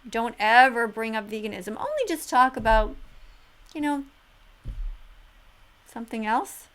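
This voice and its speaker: A woman commenting to camera as a vegan activist, preachy and emphatic, swinging between flat remarks and loud exclamations. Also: fairly high pitch, a little slow, low-quality recording. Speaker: vegan activist video host.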